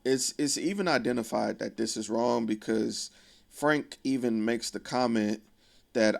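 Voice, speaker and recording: A man's voice: medium pitch, unhurried, creaky. A man casually retelling a film plot in a profane, conversational way with wry asides. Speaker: video creator.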